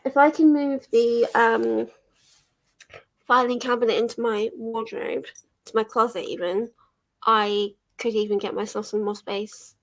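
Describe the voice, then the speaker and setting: Chatty young woman, fairly high voice. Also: steady tone, unhurried. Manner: chatty, laughs often, swears casually. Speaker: livestream host. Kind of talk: casual chat while reading chat aloud. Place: home living room.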